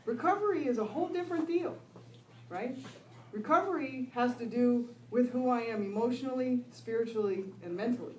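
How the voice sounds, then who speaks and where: Animated woman telling a recovery story. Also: fairly high pitch, fairly quick, a little hiss or hum. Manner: lively storyteller, laughs often, keeps asking "right?". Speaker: recovery speaker. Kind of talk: personal recovery talk to an audience. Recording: echoey room, voice from far off.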